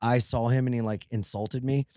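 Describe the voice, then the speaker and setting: A male comedian co-hosting a podcast, spinning stories in loose, swear-filled banter. His pitch sits in the middle. The sound is dry and close, with no room around it. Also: steady tone, moderate pace, darkish tone, no echo. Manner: profane, storytelling, laughs often.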